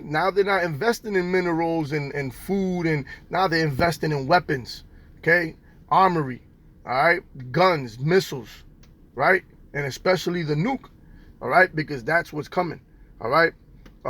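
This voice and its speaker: A man's voice: a little high, fairly bright tone. A man teaching from the Bible in a casual street style, tagging nearly every line with "okay?" and "all right?", slangy and profane.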